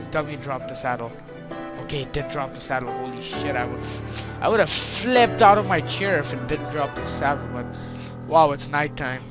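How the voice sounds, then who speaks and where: A young man giving excitable gameplay commentary, talking to himself and to his in-game horse. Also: a little high, moderate pace, music in the background. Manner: excitable, talks to himself and his horse, frequent mild swearing. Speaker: gaming video creator.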